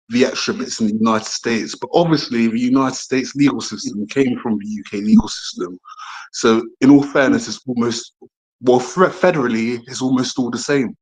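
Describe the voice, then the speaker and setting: A man's voice: mid-range voice, rough recording. A man calling into a livestream, a lawyer, speaking casually and hesitantly. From Britain. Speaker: caller, lawyer.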